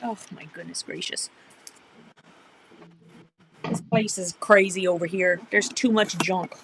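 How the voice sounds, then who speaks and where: A woman co-hosting a casual livestream, making slow, dry teasing remarks. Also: lowish voice, vocal fry, fairly bright tone, a little hiss or hum, rough recording.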